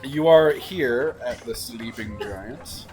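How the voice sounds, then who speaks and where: A man narrating as game master in a relaxed, laughing way, full of casual fillers. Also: medium pitch, takes it slowly.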